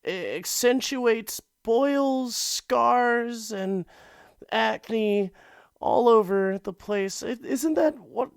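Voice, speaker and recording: A frantic young intern stumbles through a comedy ad pitch, stammering and pleading in a strained high voice, as a man puts him on. The sound is clean and dry, close to the mic. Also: extremely slow, creaky, smooth, dry recording, heavily acted. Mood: nervous pleading. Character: panicky young male intern pitching acne cream. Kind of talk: comedic fake commercial skit.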